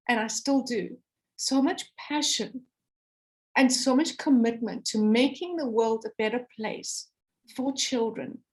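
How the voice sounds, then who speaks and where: A South African woman speaking on a video call, telling a heartfelt story with passion and acting out what people said. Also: fairly high pitch. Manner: impassioned, voice swings up and down, acts out quotes. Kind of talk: emotional storytelling to a call audience.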